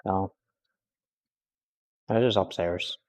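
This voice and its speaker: A man's voice: deep voice, fairly even intonation, extremely slow. Chatty man cooking live at home. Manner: rambling, chatty, talks to chat and a cat. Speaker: cooking streamer. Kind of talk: casual live-stream cooking chat. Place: home kitchen.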